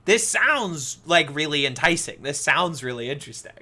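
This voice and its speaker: A bright, forceful male voice with a slightly high pitch, chatting loosely as a podcast host. He talks in an animated, playful way, full of filler words, and he sounds like he is on a video call. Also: moderate pace. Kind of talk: casual chat.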